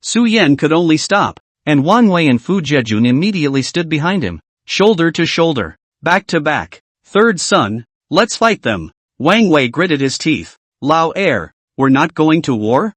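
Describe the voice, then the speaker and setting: A man narrating a comic recap in a scripted reading style, voicing the dialogue and the narration in the same steady voice. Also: fairly high pitch, a little slow, few pauses, no room sound.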